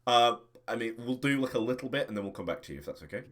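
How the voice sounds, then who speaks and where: A man narrating a tabletop game as game master, relaxed and chatty, with plenty of fillers. His voice has a middling pitch for a man and a very lively melody. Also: rapid-fire.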